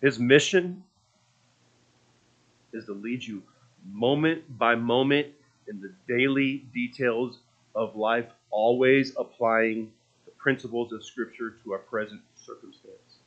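A man delivers a sermon in a relaxed, storytelling way, often stumbling and restarting phrases. His voice sits at an ordinary middle pitch. The recording sounds a little muffled. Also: slow pace. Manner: conversational storytelling preaching with repeated restarts. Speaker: preacher.

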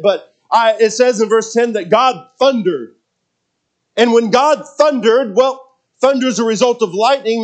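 A man preaching a sermon in a conversational way, restarting phrases and asking the congregation rhetorical questions. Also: high voice. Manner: speculative, thinking aloud. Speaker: pastor.

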